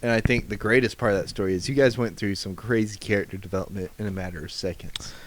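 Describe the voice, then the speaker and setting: A man's voice: on the low side, steady tone, fast. A laid-back young man co-hosting a casual livestream podcast, agreeable and reading chat aloud. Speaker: podcast co-host.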